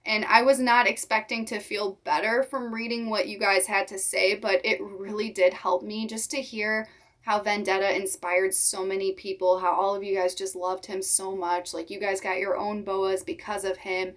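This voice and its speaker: A woman's voice: mid-range voice, level tone, a bit bright. Tearful young woman vlogging. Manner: tearful, halting, sincere. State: holding back tears. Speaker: reptile keeper vlogger. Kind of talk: emotional personal vlog talk.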